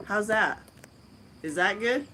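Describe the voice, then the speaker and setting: A woman hosting a casual livestream from a friend's house, rambling and laughing as she talks in a deep morning voice. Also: expressive, slow, sharp tone, a little hiss or hum. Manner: rambling, chatty, laughs easily. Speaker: livestream host. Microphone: phone camera.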